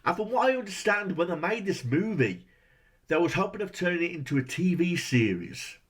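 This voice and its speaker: Brief: male reviewer, higher voice, profane exasperated rant full of rhetorical questions. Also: sing-song, a little fast, slightly rough. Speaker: movie reviewer. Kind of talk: profane ranting movie review.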